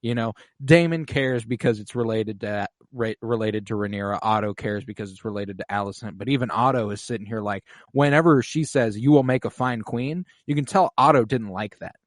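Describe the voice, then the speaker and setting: A man's voice: fairly low pitch, brisk, hardly any pauses, no room sound, clean studio sound. A man co-hosting a podcast, chatting casually and profanely as he recaps a TV episode. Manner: profane, loose, acts out characters in quotes. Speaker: podcast co-host.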